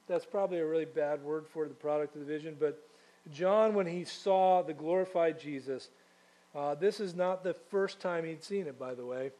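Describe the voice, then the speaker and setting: A man's voice: fairly high pitch, normal speed, warm tone. A man preaching a sermon in a conversational way, asking the congregation questions and adding casual asides. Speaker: pastor.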